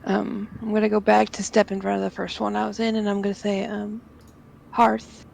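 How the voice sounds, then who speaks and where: Woman playing a tabletop game, super fry-heavy voice, says like a lot. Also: medium pitch, monotone, quick pace, darkish tone, a little hiss or hum, low-quality recording. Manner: casual, with fillers like "kinda" and "like". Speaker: player. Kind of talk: tabletop role-play, describing her character's actions.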